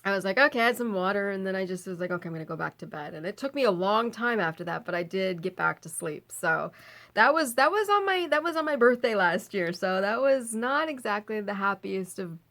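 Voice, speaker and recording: A woman vlogger casually telling a personal story, animated, laughing often and swearing as she recounts her fear. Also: mid-range voice, brisk.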